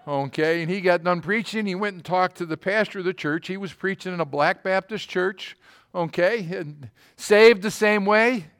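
Male preacher, high-pitched voice, colloquial storytelling that builds to fervent scripture reading. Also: moderate pace, fairly bright tone. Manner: colloquial, with false starts. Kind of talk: sermon.

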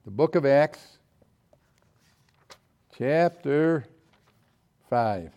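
A man preaching a sermon, telling personal stories in an animated way and acting out quotes with sudden jumps in his voice. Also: mid-range voice, extremely slow, smooth.

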